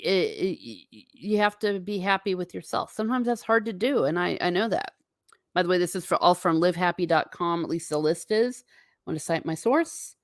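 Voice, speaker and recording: A woman hosting a casual livestream from home, chatting with viewers in a wandering way and breaking off into quick asides to herself. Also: medium pitch, no room sound, studio quality. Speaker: livestream host.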